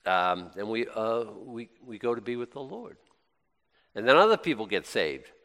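A man delivers a sermon in a loose, conversational way, throwing rhetorical questions at his listeners. His pitch rises and falls widely as he swings between quiet asides and excited bursts. The recording carries a long hall reverb. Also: moderate pace. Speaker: pastor.

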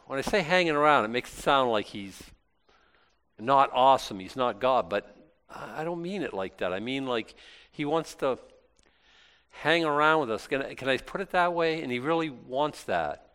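A man's voice: mid-range voice, expressive, normal speed, fairly bright tone, smooth. A male pastor giving an informal Bible talk, chatty and self-deprecating, with many restarts. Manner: conversational, rambling with many restarts; self-deprecating and lightly joking.

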